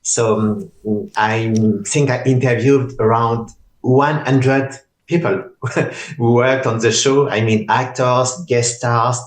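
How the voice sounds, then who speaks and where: A man with a strong Southern French accent speaks careful, modest English as a guest answering questions. His voice sits at a middle pitch. He sounds like he is in a roomy space with a clear echo around him. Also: fairly even intonation, takes it slowly. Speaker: guest, teacher and author. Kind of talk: interview answers.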